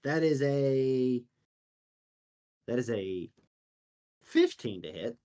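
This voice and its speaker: Slow-talking man running a tabletop game. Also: medium pitch, expressive, dark tone. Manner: unhurried narration with fillers and laughs. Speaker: dungeon master.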